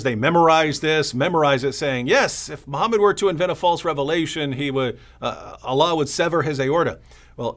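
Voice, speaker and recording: A man co-hosting a casual live stream, telling stories with lots of energy and acting out other people's lines. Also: a little high. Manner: animated storytelling, mimics opponents. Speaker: co-host.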